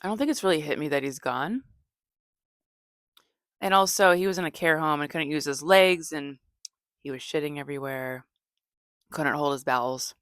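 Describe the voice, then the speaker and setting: Woman, podcast comedian, deadpan, low energy, rambling anecdotes, dry close sound. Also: moderate pace, pauses often, no room sound. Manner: rambling, with frequent fillers and self-corrections. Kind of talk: casual storytelling monologue.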